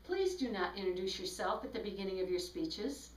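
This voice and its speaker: A woman's voice: medium pitch, sing-song, brisk, distant mic, a little hiss or hum. Woman lecturing on public speaking, instructive, demonstrates examples, set back from the mic, roomy echo. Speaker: speech instructor. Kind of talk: recorded lecture. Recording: echoey room, voice from off-mic.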